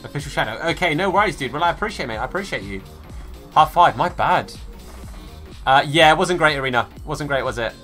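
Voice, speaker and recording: A man's voice: a little high, lively intonation, fast talker, pushed and bright, soft background music. A man streaming a football video game, chatting casually with viewers and greeting them by name. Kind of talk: live gaming stream chat.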